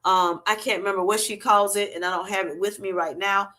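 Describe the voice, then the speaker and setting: A middle-aged woman hosting a casual livestream, chatting warmly and thanking viewers by name. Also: medium pitch, steady tone, a little fast. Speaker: livestream host. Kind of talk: casual livestream chat, reading comments.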